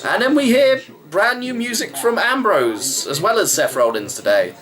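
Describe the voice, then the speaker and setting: A man's voice: high-pitched, sing-song, moderate pace, a bit bright, faint music behind, poor audio. A man giving a chatty, wry running review of a wrestling show, rambling with fillers. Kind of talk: casual vlog review.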